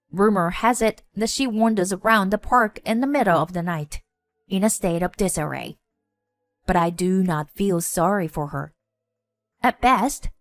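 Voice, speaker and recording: A woman reading a scripted first-person story in a steady storytelling voice. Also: medium pitch, dry recording. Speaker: narrator.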